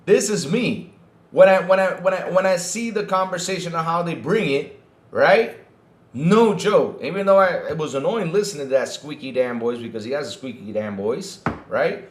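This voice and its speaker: A man with a fairly high, very lively voice hosts a casual gaming news show. He reads reports and mocks them, swearing freely and talking straight to his live chat. The room has a noticeable echo. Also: moderate pace. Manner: animated, mocking, swears, addresses chat. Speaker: podcast host.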